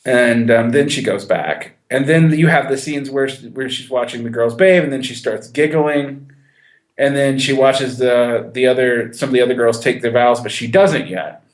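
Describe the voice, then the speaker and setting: In an echoey room, a man co-hosting a podcast talks about a film at normal speed in a mid-range voice. He keeps it conversational, restarting often and laughing a little.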